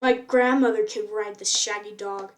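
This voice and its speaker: A woman's voice: medium pitch, steady tone, normal speed, natural voice. A woman reading aloud and voicing an arrogant teenage boy, an apprentice warrior, in a sarcastic, mocking tone. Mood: sneering.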